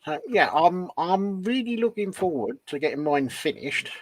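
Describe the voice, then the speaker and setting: A man's voice: sits high, sing-song, moderate pace. A man co-hosting a casual livestream chat, agreeable and easygoing, often restarting his sentences. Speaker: livestream co-host.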